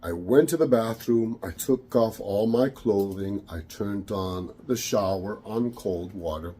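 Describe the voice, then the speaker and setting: A man tells a personal spiritual story in a mellow, husky voice. He stumbles and repeats words as he goes and slips Spanish phrases in among the English. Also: lowish voice, measured pace. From Caribbean. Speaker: spiritual practitioner.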